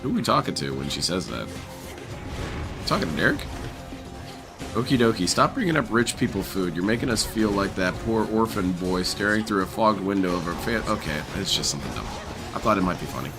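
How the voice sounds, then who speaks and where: A man's voice: low voice, lively intonation, a little fast, music in the background. A man casually commentating over a restreamed game, mocking the player in a sarcastic, profane way.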